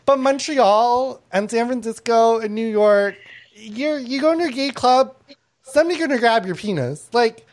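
A woman's voice: a little high, moderate pace, darkish tone. A woman hosting a comedy panel chat, blunt and antagonistic, who laughs often between her lines. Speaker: panel show host.

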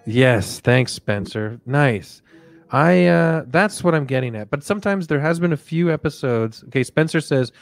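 A man hosting a comic sleep-story podcast, talking softly with drifting, rambling jokey asides. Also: fairly high pitch, animated, moderate pace, vocal fry, soft background music. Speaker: podcast host.

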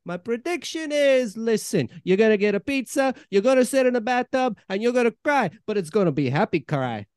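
Guy doing a loud pushy fortune-teller bit, high voice, swings up and down a lot, improv comedy. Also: expressive, brisk, clear, resonant tone, no room sound, studio quality. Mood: teasing. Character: brash chummy male fortune-teller, needy and pushy.

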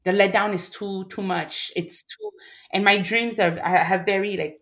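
Woman from Montreal, halting candid storytelling. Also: mid-range voice, fairly even intonation, fairly bright tone. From Montreal, Canada. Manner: emotional, halting, restarts sentences, acts out others' voices. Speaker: interview guest.

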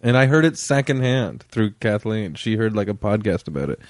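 A man's voice: lowish voice, very animated, normal speed, no room sound, clean studio sound. A man hosting a podcast, chatting casually and teasing his guest with jokes. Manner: joking, teasing. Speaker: podcast host.

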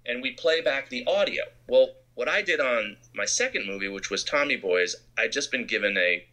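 Speaking at medium pitch and a moderate pace, a film director from Arizona shares interview anecdotes, an animated storyteller who performs the quotes himself.

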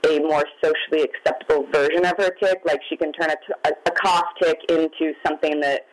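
A woman's voice: low-pitched, fairly even intonation, quick pace, low-quality recording. Candid mother telling a hard story. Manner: open, candid, near tears at times. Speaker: guest, magazine founder. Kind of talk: emotional personal storytelling.

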